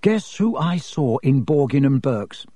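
A man's voice: medium pitch, big pitch swings, a little slow, dark tone, no echo. A man voicing an earnest, watchful young wizard boy.

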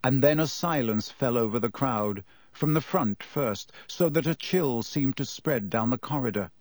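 A man narrating a fantasy audiobook in an expressive storytelling manner. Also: mid-range voice, normal speed, dry recording. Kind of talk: scripted narration.

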